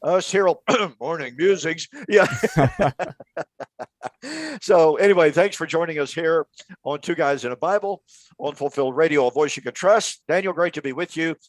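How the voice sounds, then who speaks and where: A man with a fairly high voice co-hosts a relaxed Bible study chat. He tells historical stories emphatically and builds to loud, dramatic quotes. The recording is dry and close. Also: moderate pace, no echo. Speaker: co-host of a Bible radio show.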